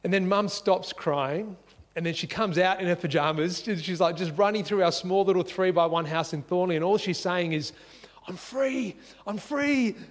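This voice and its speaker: A high-pitched Australian man at a home dining table narrates his life story at normal speed, acting out conversations in a lively, casual manner. The sound suggests a large hall.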